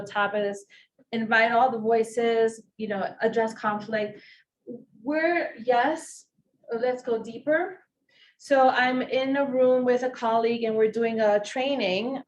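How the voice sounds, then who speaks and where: A woman with a non-native English accent telling a personal story in a talk, animated and emotional. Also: a little high. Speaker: social work presenter. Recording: distant mic, faint hiss.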